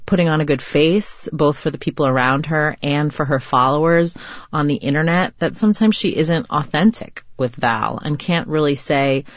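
A woman novelist answering interview questions in a reflective, earnest way, sometimes pausing to find words. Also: deep voice, no echo. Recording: slightly dull lo-fi remote sound.

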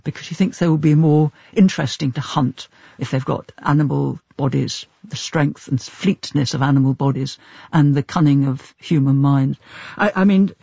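Literary interviewer, male, slightly higher voice with fry, articulate and considered. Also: darkish tone, no room sound, highs cut off. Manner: articulate, asks long considered questions.

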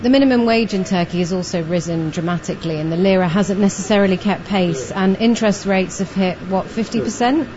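A woman presenting a business radio programme, in clear, scripted delivery and on-location interviews. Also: mid-range voice, brisk, few pauses, muffled recording, a crowd in the background. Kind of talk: radio presenting and field reporting.

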